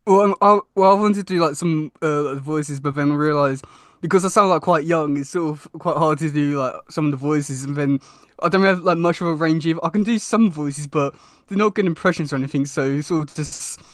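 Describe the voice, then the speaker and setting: A man's voice: fairly high pitch, a little fast, no room sound, clean studio sound. A young man with a British accent, a podcast guest chatting casually, hesitant with many fillers and restarts. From Britain.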